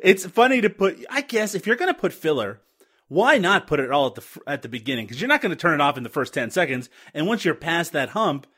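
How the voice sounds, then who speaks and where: Animated, joking male podcast host. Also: fairly high pitch, quick pace, breathy edge. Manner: sarcastic, joking, laughs often. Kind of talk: casual chat.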